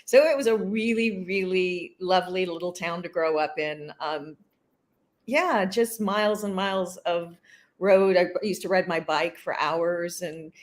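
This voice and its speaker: A woman's voice: lowish voice, measured pace. Chatty older woman from California. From California, USA. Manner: chatty, laughs often, warm reminiscing. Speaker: actress guest. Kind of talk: casual interview conversation.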